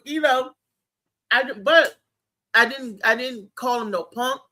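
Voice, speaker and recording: Bright-voiced animated woman. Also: on the high side, moderate pace, pauses often. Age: adult with a child. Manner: animated storytelling, many restarts, laughs. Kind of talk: casual chat.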